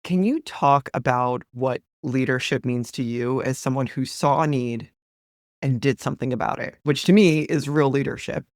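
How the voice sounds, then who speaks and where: A woman's voice: extremely low pitch, moderate pace, dry recording, clean studio sound. Thoughtful woman hosting a podcast. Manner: thoughtful, affirming, asks long questions. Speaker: podcast host. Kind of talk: podcast interview.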